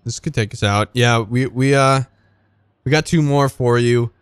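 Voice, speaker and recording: A man's voice: medium pitch, a little slow, smooth, no echo, clean studio sound. A man co-hosting a community radio music show, easygoing and casually profane, introducing tracks with some hesitation. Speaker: radio co-host.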